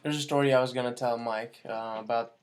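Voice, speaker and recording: A young man giving a casual testimonial about a course, relaxed and hesitant with many fillers. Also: mid-range voice, fairly quick. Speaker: course student.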